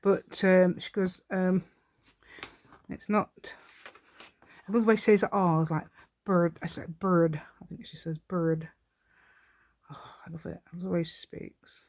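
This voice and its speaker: A woman's voice: on the low side, steady tone, moderate pace, darkish tone, no room sound. A woman hosting a step-by-step craft tutorial, chatting to herself and the viewer with rambling, giggly asides. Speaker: craft channel host.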